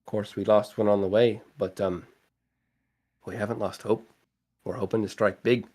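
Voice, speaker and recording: A man's voice: lowish voice, level tone, normal speed, warm tone. A man talking casually as a player in a tabletop role-playing game, easygoing and hesitant. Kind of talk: tabletop role-play chat.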